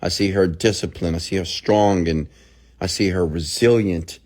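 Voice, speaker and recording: A middle-aged man with a low, deep voice delivers a motivational monologue straight to his listeners. He is emphatic, dropping to hushed near-whispers and then rising to shouts. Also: moderate pace. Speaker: motivational speaker.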